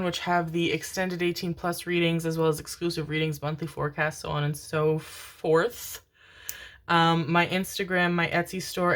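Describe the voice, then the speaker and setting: A woman giving a casual tarot reading to camera, affectionate and chatty, swearing casually and laughing often. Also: on the low side. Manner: affectionate, constantly calls viewers "my loves" and "my babies". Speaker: tarot card reader.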